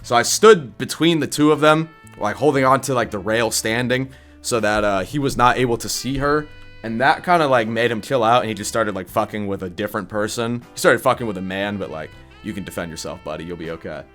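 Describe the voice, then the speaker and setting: A young gaming YouTuber with a congested, scratchy voice talks in a mid-range pitch. He is blunt and profane, ranting casually before walking through a game build. Soft guitar music plays faintly behind him. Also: brisk.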